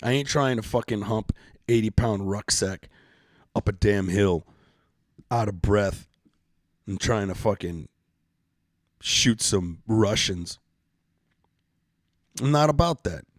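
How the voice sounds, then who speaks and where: A man's voice: lowish voice, slow, long pauses, no room sound, studio quality. A middle-aged man hosting a casual live-stream podcast, joking around in loose, profane banter. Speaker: podcast host.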